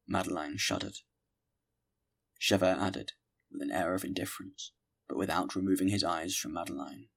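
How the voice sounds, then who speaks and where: A man reading a classic novel aloud as an audiobook, measured and steady. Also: sits low, gravelly. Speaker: audiobook narrator. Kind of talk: scripted audiobook narration.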